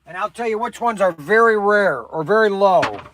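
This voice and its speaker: Rambling older man, higher voice. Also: expressive, moderate pace, a bit bright, dry recording. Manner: rambling, chatty, addresses viewers by name. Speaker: toy shop host answering viewers. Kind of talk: casual livestream chat.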